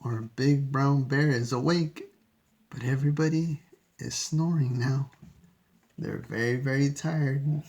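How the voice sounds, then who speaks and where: A man's voice: medium pitch, steady tone, slow, long pauses, darkish tone. A man reading a picture book aloud to children, chatty and asking listeners questions between pages. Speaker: storyteller. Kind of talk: children's read-aloud storytime.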